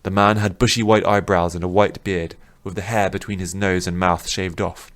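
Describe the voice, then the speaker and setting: A man narrating a fantasy audiobook in a measured, even manner. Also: deep voice, no room sound.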